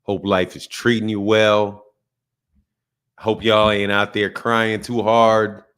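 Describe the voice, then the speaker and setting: Hosting a casual boxing livestream, a man with a lowish, clear, resonant voice speaks slowly and levelly. He shouts out chatters by name and trades loose, laughing banter that's slangy, profane and mocking.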